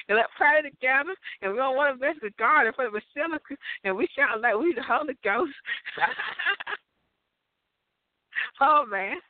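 A woman's voice: high voice, animated, unhurried, pauses often, dry recording. A woman giving a rambling, profane comic rant, laughing often between lines. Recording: tinny phone-like audio, dry.

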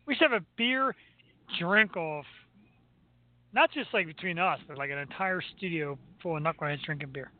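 A man's voice: fairly high pitch, moderate pace, no echo. Joking radio host man, tinny sound. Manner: rambling, self-deprecating, joking. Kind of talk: casual radio chat.

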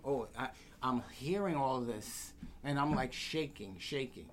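A man, telling lively stories as a guest and acting out the voices of the people in them. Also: medium pitch, measured pace, few pauses. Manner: animated, acts out quoted voices. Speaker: guest storyteller. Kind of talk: casual anecdotes.

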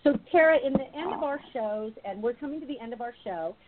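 A woman's voice: fairly high pitch, expressive, quick pace, noisy background. A woman hosting an interview, supportive and affirming toward her guest. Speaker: podcast host. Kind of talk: interview conversation. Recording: tinny phone-like audio.

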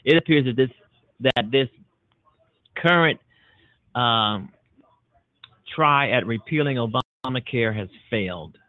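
A man hosts a political talk radio show, hammering his points home with emphatic, repeated declarations. His voice sits at a middling pitch and comes through a narrow, tinny phone-like line. The sound is dry, with no room around it. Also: unhurried, no echo. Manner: emphatic, repetitive, punchy declarations. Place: Chicago-based internet radio show.

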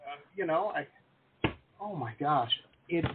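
Rambling, jokey male host from the US; slightly high voice over a thin video-call line with faint hiss. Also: animated, measured pace, phone-quality sound. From United States. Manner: chatty, rambling, joking. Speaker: interview host. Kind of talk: casual video interview.

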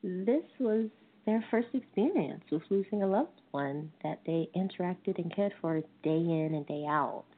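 A woman in her thirties gives a dharma talk as a lay minister, telling a family story with gentle, wry humor. She speaks slowly in a somewhat low voice. The recording is thin and phone-like. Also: expressive. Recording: tinny phone-like sound.

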